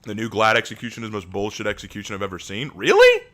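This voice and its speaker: Male streamer, casual live chat, bright tone, jokey and quick to laugh. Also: on the low side, level tone. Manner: chatty, joking, laughs often, restarts words.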